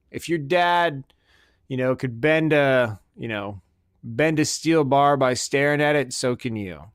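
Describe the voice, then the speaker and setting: A man hosting a podcast in a casual comedic rant, profane and sarcastic, jumping between loud outbursts and muttered asides. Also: medium pitch, clean tone, dry recording, clean studio sound. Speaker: podcast host.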